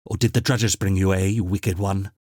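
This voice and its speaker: A man's voice: low-pitched, steady tone, moderate pace, a little mellow, dry recording, studio quality. A man doing a cracked ancient housekeeper crone. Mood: drowsy, sly. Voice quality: cracked, quavering old voice. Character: ancient frail female housekeeper, imperious and drowsy.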